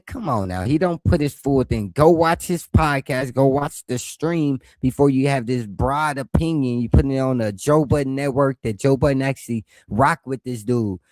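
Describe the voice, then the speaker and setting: A man reacting to a podcast clip, talking back at the screen in a loud, mocking, teasing way. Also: fairly high pitch, dry recording. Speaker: reaction streamer. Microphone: headset.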